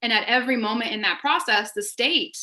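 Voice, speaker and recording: A woman's voice: on the high side, a little fast, bright, forceful tone, rough recording. A woman speaking passionately and intensely as a panel guest in a casual conversation, affirming the other speaker.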